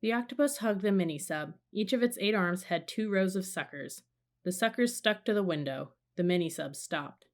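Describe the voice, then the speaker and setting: A woman reading a children's storybook aloud in a calm, measured narration. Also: lowish voice. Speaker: audiobook reader.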